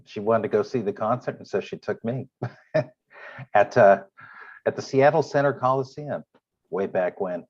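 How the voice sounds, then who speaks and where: A man's voice: fairly low pitch, measured pace, pauses often, a little mellow, breathy edge, muffled recording. A man in his sixties, a guest in a casual roundtable chat, recalling his first concerts a bit sheepishly over remote call audio. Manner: self-deprecating storyteller.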